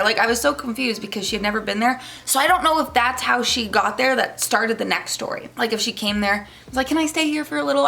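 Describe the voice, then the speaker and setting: A woman's voice: on the high side, creaky. A young woman vlogger casually telling a rambling story to her viewers, with lots of fillers. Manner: animated, rambling, with many fillers.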